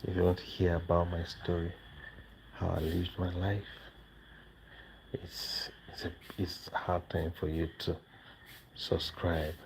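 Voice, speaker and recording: Tired man with a deep gravelly voice. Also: slight background noise, poor audio. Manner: soft-spoken, slow and weary, talking to viewers and his baby. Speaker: vlogger father live streaming. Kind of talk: casual late-night livestream chat. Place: home at night.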